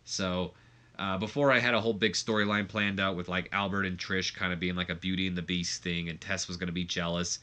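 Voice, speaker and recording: A man's voice: low-pitched, little pitch movement, brisk, sharp tone. A man giving casual, rambling commentary over a wrestling management game, with many fillers. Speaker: gameplay commentator.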